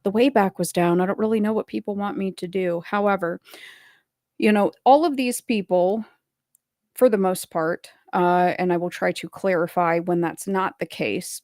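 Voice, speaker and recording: A woman's voice: on the low side, a little mellow, no room sound, clean studio sound. A woman hosting a livestream in a casual, rambling way with lots of filler words, stopping to greet viewers in the chat. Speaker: livestream host.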